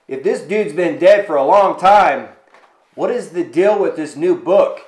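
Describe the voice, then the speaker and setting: A man telling a story in a casual way, acting out what others said and using many fillers, as a motivational speaker. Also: on the high side. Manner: animated retelling with many fillers. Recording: echoey room.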